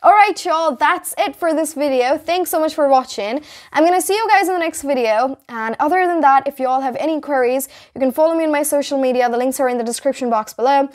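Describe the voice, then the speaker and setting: Chatty young woman teaching English phrases. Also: high voice. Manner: chatty, repeats key phrases slowly for emphasis. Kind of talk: casual vocabulary lesson to camera.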